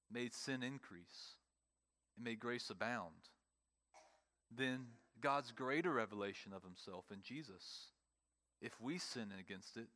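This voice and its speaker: A male pastor delivering a sermon in a church with an emphatic preaching manner. His voice sits in an ordinary middle pitch, and he leans on words through pauses and repetition. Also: a bit bright.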